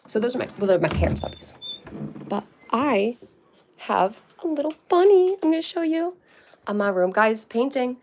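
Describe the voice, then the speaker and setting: A woman's voice: fairly high pitch, sing-song, moderate pace, a little mellow, a little hiss or hum. Breathless chatty young woman livestreaming. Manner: chatty, rambling, lots of "like" and baby talk to pets. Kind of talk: casual livestream chat. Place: her family home, indoors.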